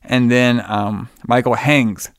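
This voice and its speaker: Brief: male podcast co-host, smooth and dry-miked, loose and profane, filler-heavy. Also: mid-range voice, steady tone, takes it slowly, no echo. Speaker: podcast co-host recapping a film. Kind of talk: casual chat.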